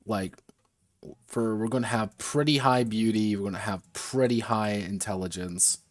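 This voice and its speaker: Brief: deep-voiced man, designer thinking aloud on stream, mutters and second-guesses himself, dry close sound. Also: fairly even intonation, normal speed, dry recording. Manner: muttering, self-correcting, casual swearing. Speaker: game designer streaming his work. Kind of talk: thinking aloud while designing a tabletop game.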